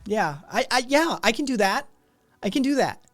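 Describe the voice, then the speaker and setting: A man's voice: extremely high pitch, lively intonation, moderate pace, soft background music, voice pushed up. A man voicing an eager, anxious young male lookout who stammers and pleads to help.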